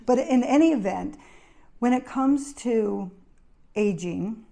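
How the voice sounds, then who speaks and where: Middle-aged woman therapist-host, chatty anecdote teller, mellow tone. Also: a little high, lively intonation, takes it slowly, creaky. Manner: chatty storyteller, anecdotes with acted quotes. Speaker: occupational therapist and show host. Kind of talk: casual advice talk to camera.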